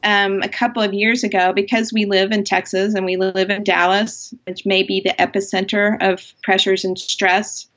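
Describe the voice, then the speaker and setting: Woman, middle-aged, author guest, husky, emphatic, muffled lo-fi audio. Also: mid-range voice, level tone, moderate pace, few pauses, a bit bright. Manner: earnest, impassioned, emphatic. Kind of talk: faith-based podcast conversation. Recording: dull lo-fi sound.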